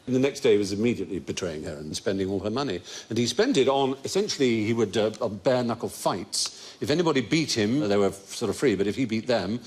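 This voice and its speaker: A man's voice: on the low side, expressive, fast, hardly any pauses, darkish tone. An older man hosting a panel quiz show, telling anecdotes in an erudite, storytelling way and laughing often. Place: TV studio before a live audience. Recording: studio audience and faint noise.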